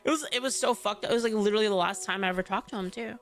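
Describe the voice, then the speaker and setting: A woman with a middle-pitched voice tells a long story on stream. She rambles, piling up fillers and swearing freely. Faint music plays beneath her. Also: racing.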